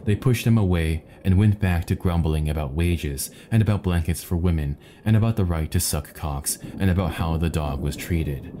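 A man reading a fable aloud in a measured, deliberate way. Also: sits low, noisy background. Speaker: narrator. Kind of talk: scripted narration of a fable.

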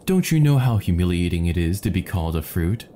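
An aggrieved male bosun shouts his grievance, as a man reads him. The voice rises above the reader's usual low register but keeps a dark, mellow tone. A storybook telling. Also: big pitch swings, fairly quick, a little hiss or hum. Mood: indignant. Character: indignant, wounded male bosun.

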